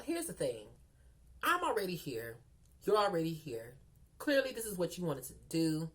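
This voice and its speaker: Woman, storytime vlogger, low voice, lively swings in pitch, sassy chatty delivery. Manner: sassy, animated, talks to viewers as girl and y'all. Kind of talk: casual storytelling to the camera.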